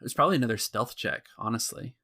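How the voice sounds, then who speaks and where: A man serving as game master, narrating a tabletop game in a calm, measured way with frequent small restarts. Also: medium pitch.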